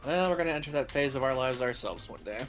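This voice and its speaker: A man's voice: mid-range voice, lively intonation, quick pace, fairly bright tone, faint music behind. A man, a guest on a game stream, chatting casually with a dry, wry manner. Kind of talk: casual chat.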